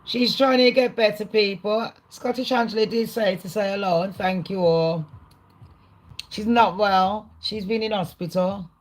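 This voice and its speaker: A woman hosting a livestream, ranting casually to her chat in an excitable, rambling way, swearing a lot. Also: medium pitch, unhurried, rough recording. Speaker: livestream host. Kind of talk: casual rant to a live chat.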